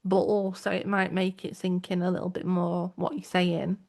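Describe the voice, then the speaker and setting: A woman's voice: on the low side, little pitch movement, normal speed, vocal fry, darkish tone. A woman with a South Yorkshire accent, co-hosting a podcast in casual chat that wanders into tangents. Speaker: podcast co-host.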